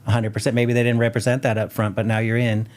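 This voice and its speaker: A man's voice: medium pitch, little pitch movement, fast, a little mellow. A man hosting a podcast who asks questions and shares stories in a conversational way, often saying "you know". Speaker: podcast host. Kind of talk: casual interview.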